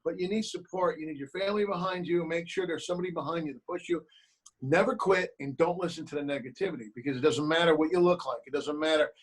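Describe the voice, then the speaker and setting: A man's voice: on the high side, quick pace, slightly rough, low-quality recording. A man, an actor and producer, speaking as an interview guest over a video call, telling stories and acting out the voices he quotes. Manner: animated storyteller, acts out quoted voices. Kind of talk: remote interview, storytelling advice.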